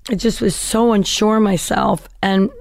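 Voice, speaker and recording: A woman's voice: mid-range voice, steady tone, normal speed, creaky, no room sound. A woman comedian telling her life story as a guest, chatty and self-mocking. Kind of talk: candid storytelling interview.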